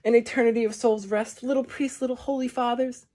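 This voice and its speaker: A woman giving a measured poetry reading, with slow, deliberate phrasing and long pauses. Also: fairly high pitch, fairly even intonation, dark tone. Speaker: poetry reader.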